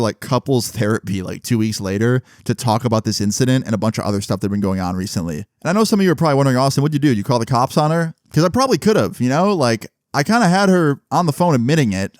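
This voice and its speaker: A man's voice: mid-range voice, no room sound, clean studio sound. A young man telling a long story casually, cursing freely and quoting the people involved. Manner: profane, rambling, retells dialogue in quotes.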